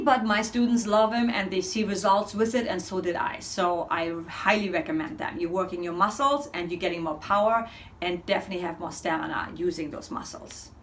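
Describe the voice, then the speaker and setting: A woman's voice: a little high, a bit bright. A woman vocal coach leading a breathing lesson, counting steadily and speaking in an upbeat, encouraging way.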